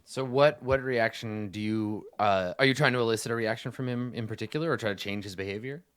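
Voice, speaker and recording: Low-voiced man running a tabletop game. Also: fairly quick, a bit bright, clean tone, no echo. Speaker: game master.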